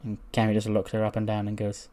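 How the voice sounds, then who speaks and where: A man's voice: lowish voice, monotone, quick pace, warm tone. A man casually narrating his wrestling game playthrough, with lots of fillers. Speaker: game streamer. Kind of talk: let's play commentary.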